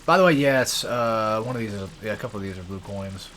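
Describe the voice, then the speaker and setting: A man's voice: on the low side, brisk, fairly bright tone, soft background music. A young man giving rambling, profane commentary while playing a video game, swearing constantly as he rants. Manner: profane, ranting, frequent swearing. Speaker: let's play gamer.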